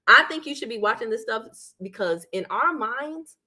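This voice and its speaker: A woman's voice: a little high, expressive, moderate pace, sharp tone. A woman hosting a legal commentary channel, talking casually to her viewers and acting out what the people in court said. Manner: chatty, addresses viewers as "y'all", acts out quotes.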